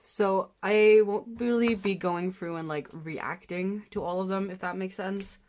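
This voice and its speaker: A nineteen-year-old woman from Denmark, chatting casually and excitedly while unboxing, often gasping, giggling and swearing. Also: medium pitch, a little slow. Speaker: vlogger.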